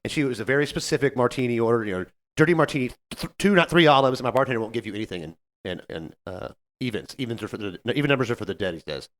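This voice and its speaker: A man co-hosting a podcast, telling a story about a difficult customer in a casual, animated way and acting out what people said. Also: mid-range voice, very fast, few pauses. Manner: animated, acts out customer quotes. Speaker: podcast co-host, server.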